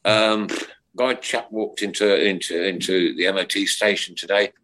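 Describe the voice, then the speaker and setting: A man's voice: lowish voice, fairly even intonation, normal speed, fairly bright tone. A middle-aged man hosting a podcast in casual chat, jokey and rambling, with many fillers and restarts. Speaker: podcast host.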